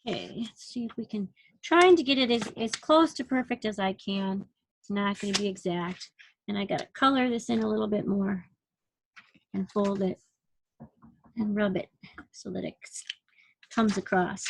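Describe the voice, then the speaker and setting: A woman's voice: medium pitch, moderate pace, creaky, pauses often, slight background noise. A woman teaching a recorded math lesson, patiently counting units aloud and asking questions as she works. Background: dog barking.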